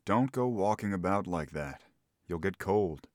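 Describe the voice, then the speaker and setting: A man voicing a calm, condescending physician husband who soothes and patronizes. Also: low-pitched, a little slow, dry recording, studio quality. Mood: soothing.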